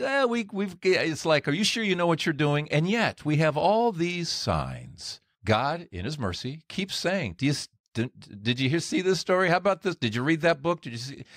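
A middle-aged man hosting a podcast, retelling a story in an animated way and jumping his voice up when he acts out quoted lines. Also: on the high side, no room sound, studio quality. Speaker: podcast host. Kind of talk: storytelling monologue.

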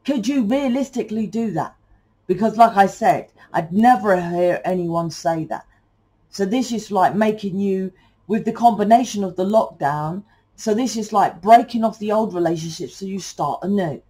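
A woman's voice: mid-range voice, moderate pace, mellow, slightly rough, poor audio. A British woman giving a casual spoken tarot reading, rambling and chatty and swearing now and then. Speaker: tarot reader.

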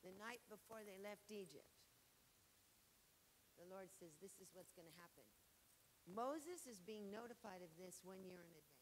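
A woman preaching a sermon with fervor, swinging from loud exhortation to soft acted asides. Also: mid-range voice, expressive, moderate pace, pauses often, slight background noise, rough recording. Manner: fervent, shifting between shouted exhortation and soft acted asides.

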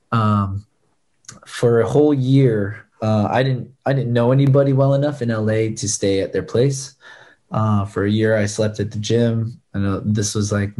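A man in his thirties, a stunt performer telling stories as a guest in a casual chat, lively and acting out other people's lines. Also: on the low side.

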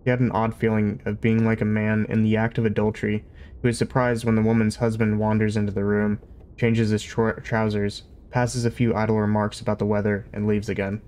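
A man's voice: lowish voice, clear, resonant tone. A man reading a novel aloud at an easy pace, with an occasional slip of the tongue. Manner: steady, unhurried storytelling with occasional slips. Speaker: audiobook reader. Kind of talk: amateur audiobook reading.

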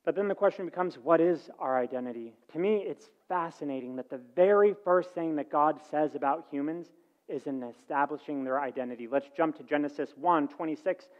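A man preaching with a slightly high voice, acting out the story's dialogue as he goes and swinging between quiet asides and loud lines. The recording sounds dull and lo-fi. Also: a little fast. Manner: animated storytelling, acting out dialogue with shifts in volume. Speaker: pastor. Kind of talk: sermon.

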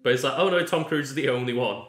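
A man's voice: medium pitch, fast talker. Easygoing man in an echoey room. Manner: relaxed, agreeable, laughs often. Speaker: let's play host. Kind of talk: casual gaming chat. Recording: roomy echo.

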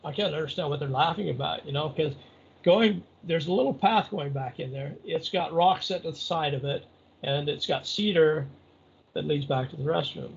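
A man's voice: fairly high pitch, moderate pace, gravelly, breathy edge, muffled recording. A middle-aged man telling a long story in a rambling, conversational way, full of fillers. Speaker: interview guest. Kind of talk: casual storytelling.

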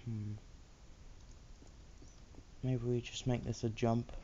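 A man's voice: mid-range voice, flat delivery, slow pace, dark tone, dull audio, slight background noise. A man hosting a let's play, chatting casually and muttering to himself while he builds. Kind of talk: casual gameplay commentary.

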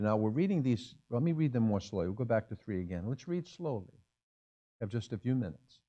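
A man's voice: medium pitch, expressive, fairly quick, dark tone. Emphatic older male preacher. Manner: emphatic, repeats phrases for effect. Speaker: pastor. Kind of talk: sermon. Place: church sanctuary.

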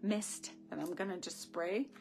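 A woman's voice: fairly low pitch, measured pace, gravelly, darkish tone. A woman leading a live-streamed ritual, talking to viewers through a phone camera. She is effusive and rambling, with gushing asides. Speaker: spiritual ritual leader.

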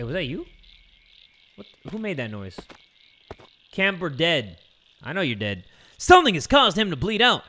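Young male gamer host, high bright voice, goofy jokes and yelling at the screen. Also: slight background noise. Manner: joking, loud outbursts and goofy asides. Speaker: gaming video host. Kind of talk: excited horror game let's play commentary.

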